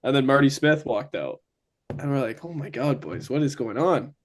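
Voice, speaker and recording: Animated young man from Ontario. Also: mid-range voice, normal speed, slight background noise. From Ontario, Canada. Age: young adult. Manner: animated, acts out quoted lines. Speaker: guest. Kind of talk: casual storytelling.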